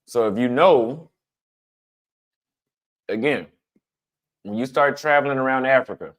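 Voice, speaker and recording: A man's voice: medium pitch, unhurried. A man chatting casually with his audience about travel, blunt and conversational, repeating his points for emphasis. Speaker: travel vlogger answering chat. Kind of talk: casual livestream chat.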